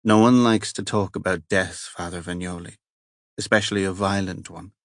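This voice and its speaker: A man's voice: deep voice, fairly even intonation, moderate pace, dry recording, clean studio sound, close to an everyday voice. A man voicing a guarded police inspector. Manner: cautious and clipped. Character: guarded, tense male police chief inspector.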